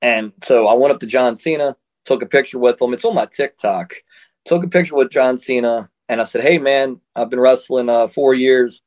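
A man in an interview, a professional wrestler telling stories in a relaxed, chatty way and laughing often. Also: medium pitch, moderate pace. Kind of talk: casual storytelling.

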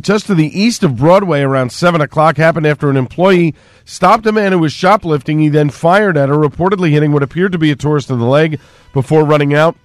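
A male radio newscaster, reading local news, sports and an ad in a brisk, even way. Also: on the high side, no room sound. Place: radio studio.

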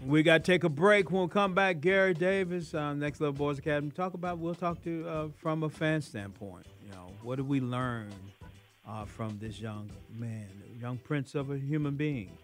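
A man hosting a radio talk show, asking questions in a relaxed, drawling manner. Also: on the high side, moderate pace, faint music behind. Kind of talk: casual interview chat.

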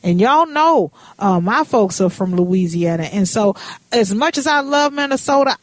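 A woman's voice: high-pitched, dry recording. A woman hosting a radio talk show, chatting casually with folksy turns of phrase.

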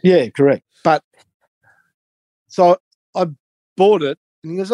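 A man co-hosting a casual talk show, telling an animated anecdote. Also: high voice, slow pace, long pauses, no room sound. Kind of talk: casual chat, storytelling.

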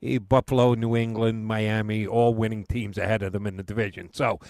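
A man's voice: lowish voice, little pitch movement, fairly quick, a little mellow, dry recording. A male sports radio host asking a guest long, conversational questions.

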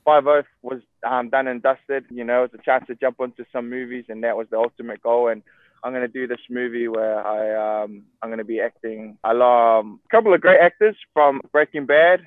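A relaxed New Zealand-accented man talks easily as a guest, peppering his speech with "bro". His voice comes through a tinny phone line, dry and close. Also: mid-range voice, a little fast, no echo. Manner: laid-back, says "bro" often. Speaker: guest actor. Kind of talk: casual chat.

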